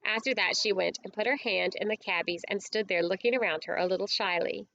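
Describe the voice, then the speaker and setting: A woman reading a storybook aloud as an audiobook narrator, with clear, steady storytelling. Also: medium pitch, brisk, highs cut off.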